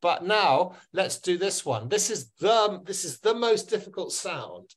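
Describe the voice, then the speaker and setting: A man teaching pronunciation in an online webinar, encouraging and repeating sounds slowly for learners. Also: sits high, big pitch swings, breathy edge. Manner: encouraging, drills words slowly and repeats them. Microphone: video call.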